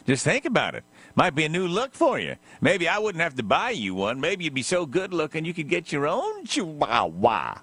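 A man's voice: a little high, huge pitch swings, moderate pace, a bit bright, breathy edge. A man hosting a comic radio show, rambling and ranting in jokes and talking to his dog. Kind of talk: comic radio talk with a sung parody.

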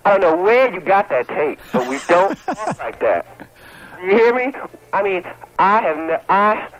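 A man's voice: sits high, very animated, unhurried, a crowd in the background. A man calling in to a comedy radio show, indignant and insistent, threatening the host. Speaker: caller. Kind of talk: comedy phone-in call. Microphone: phone line. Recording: dull phone-line audio.

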